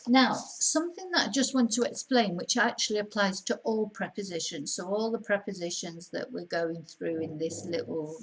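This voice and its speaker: A woman's voice: mid-range voice, expressive, normal speed, few pauses, a little hiss or hum, low-quality recording. A woman language teacher giving an online lesson, explaining carefully and repeating her examples.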